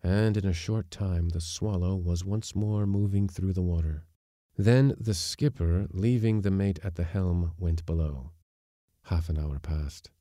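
A man reading a short story aloud as a podcast narrator, with measured, even storytelling. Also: sits low, no room sound, studio quality. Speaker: audiobook narrator. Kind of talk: scripted narration.

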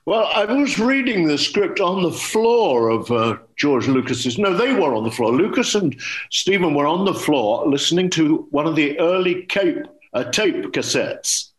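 An older man, an English actor, telling anecdotes in a relaxed interview and acting out quoted dialogue. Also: fairly high pitch, a little slow. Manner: lively storyteller, acts out quoted dialogue. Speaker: actor guest.

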